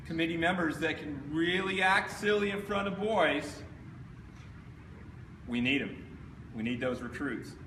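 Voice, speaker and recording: A man leading a scouting volunteer training, speaking directly and upbeat to the room. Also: fairly high pitch. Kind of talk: training presentation. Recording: echoey hall, mic far off, background noise.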